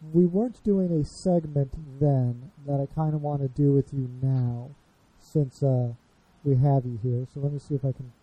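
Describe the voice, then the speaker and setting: A man's voice: mid-range voice, steady tone, normal speed, few pauses, phone-quality sound. A man in his thirties with a Chicago accent, hosting a casual podcast chat, rambling and self-deprecating as he fumbles with his notes. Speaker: podcast host.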